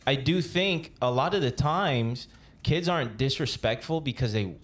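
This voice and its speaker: A man co-hosting a casual podcast chat, quick to laugh and push back on the others. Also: medium pitch, animated. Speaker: podcast co-host.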